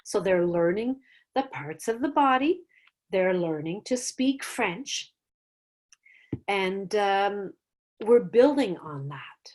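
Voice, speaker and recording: A woman's voice: mid-range voice, slow, pauses often. A woman explaining her French teaching routine in a training session, acting out classroom moments with gasps. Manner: animated, acts out classroom voices with gasps. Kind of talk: teaching demonstration.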